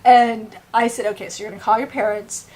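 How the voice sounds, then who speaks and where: A woman's voice: a little high, fairly even intonation, a little fast, darkish tone. A woman vlogging at home, telling a story animatedly and acting out the people in it with raised voices. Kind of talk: casual storytelling to camera. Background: dog at home.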